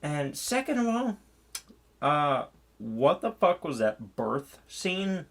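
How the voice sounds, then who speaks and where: A man with a gravelly, creaky voice talks through a movie review in a loose, rambling way. He swears freely and circles back with fillers and restarts. His pitch sits in an ordinary middle range for a man. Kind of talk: casual spoken film review.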